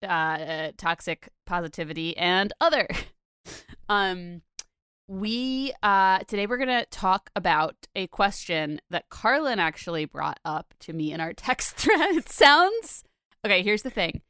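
A young woman hosts a casual podcast in a dry, close-miked space, her voice smooth and clear. She talks in a chatty, rambling way, full of fillers and little laughs. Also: mid-range voice, lively intonation, a little slow, bright, forceful tone, dry recording. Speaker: podcast host.

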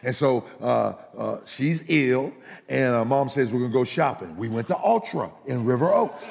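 A middle-aged male pastor telling a personal story in a sermon, animated and laughing, with folksy asides. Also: mid-range voice, normal speed, vocal fry. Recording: long hall reverb.

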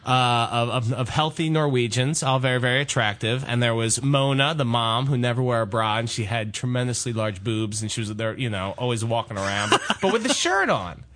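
A podcast co-host telling a rambling, animated anecdote and laughing through it in casual chat. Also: male voice, mid-range voice, a little fast, few pauses. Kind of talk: casual storytelling.

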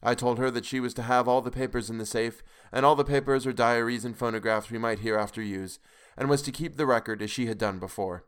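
A man narrating a classic novel aloud in a grave, measured way. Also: mid-range voice, steady tone, a bit bright, clean tone. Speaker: podcast reader. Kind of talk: audiobook narration.

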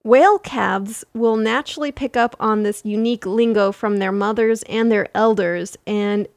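A woman co-hosting a casual educational podcast, chatty and quick to laugh as she explains. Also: medium pitch, no room sound. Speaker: podcast co-host.

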